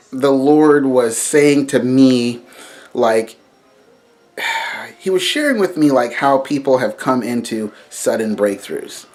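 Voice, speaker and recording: A young man giving a casual spiritual talk to camera, rambling and animated, with frequent asides and self-corrections. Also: mid-range voice. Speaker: video preacher.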